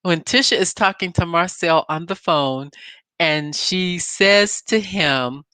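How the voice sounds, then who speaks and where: A woman YouTube reviewer with a fairly low, slow, bright and forceful voice casually recaps a TV episode, recorded with no echo at her home setup with a green screen. She speaks directly to her viewers and drifts into side notes before returning to the recap.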